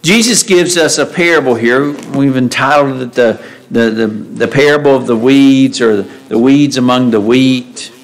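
Male preacher, mid-pitched voice, conversational delivery with rhetorical questions, reads scripture aloud in a church service. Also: a little slow, poor audio. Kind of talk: sermon. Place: church sanctuary.

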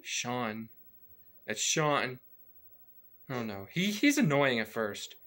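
A man's voice: mid-range voice, big pitch swings, takes it slowly, a bit bright. A man hosting a reaction video, chatting casually and exclaiming at what he watches.

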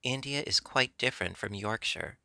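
A man's voice: mid-range voice, moderate pace, creaky, pushed and bright, no room sound. A man reading a curt, lonely little girl, in a dry, close audiobook recording.

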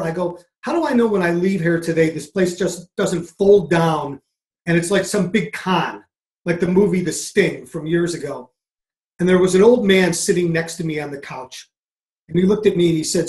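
A man, a mindset coach, answering an interview question with a lively story, acting out the dialogue as he goes. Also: high voice, moderate pace, roomy sound. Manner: animated, acts out dialogue in anecdotes. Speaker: podcast guest, mindset coach.

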